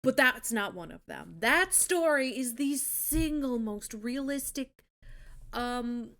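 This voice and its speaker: Casting: high, bright-voiced woman streamer, casual and blunt, swears freely. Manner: blunt, swears, laughs often. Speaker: streamer host. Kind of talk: casual live-stream chat.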